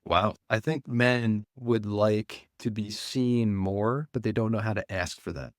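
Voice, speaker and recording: A man, a men's coach, speaking earnestly and deliberately as a guest in an interview. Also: on the low side, steady tone, dry recording, clean studio sound. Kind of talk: reflective interview talk.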